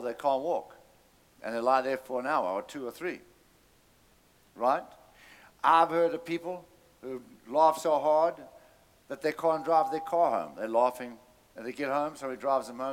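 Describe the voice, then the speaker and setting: A man preaching a sermon, telling a story animatedly and calling out to his congregation. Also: medium pitch.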